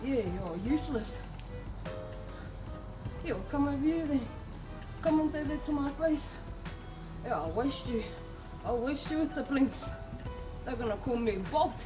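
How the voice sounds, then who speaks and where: A woman playing a cocky competitor taunting her rivals, over clear music. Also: sits high, animated, unhurried, long pauses, rough recording.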